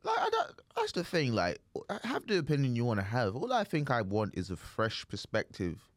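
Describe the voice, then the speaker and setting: A man chats on a podcast in a thoughtful, hedging way, full of fillers as he works through his views. His pitch moves a lot, and the sound is close and dry. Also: huge pitch swings, moderate pace, no echo. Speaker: podcast co-host. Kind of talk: casual chat.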